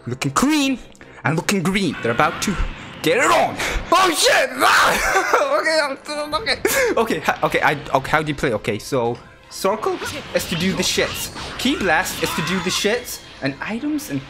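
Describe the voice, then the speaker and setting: An excitable woman talking over her gameplay in a let's play, giggling and swearing freely. Her pitch leaps up and down, and game music plays clearly behind her. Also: normal speed. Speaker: gamer.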